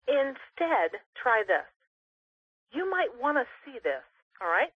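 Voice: high voice, big pitch swings, slow, slightly rough, no echo. A sales trainer coaching people on a conference call, stressing and repeating key phrases. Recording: tinny phone line.

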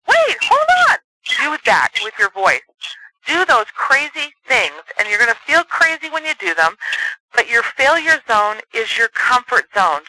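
Male sales trainer, high and very bright voice, earnest coaching tone, dry close sound. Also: dry recording, rough recording. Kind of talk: motivational training talk.

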